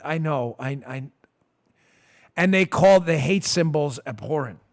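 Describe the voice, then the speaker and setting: A man with a slightly high, expressive voice, speaking a little slowly, hosts a political talk podcast. Sarcastic and exasperated, he rants and mocks his way through the commentary, getting louder as he goes.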